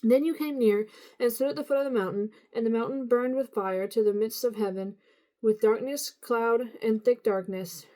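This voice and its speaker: A woman reading the Bible aloud at a steady pace, now and then stumbling and correcting herself. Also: on the high side, normal speed, poor audio. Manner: steady reading with occasional slips and self-corrections. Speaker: Bible reader.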